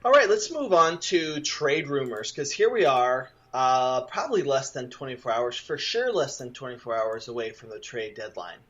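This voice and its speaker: A man co-hosting a casual fantasy football podcast, chatty and upbeat, quick to tease his partner. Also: medium pitch, sing-song, a bit bright, lo-fi sound. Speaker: podcast co-host.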